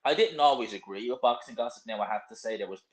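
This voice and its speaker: A man's voice: mid-range voice, quick pace, reverberant, low-quality recording. A young man hosting a casual live stream, reading out viewer comments and answering in a blunt, rambling, opinionated way. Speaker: livestream host.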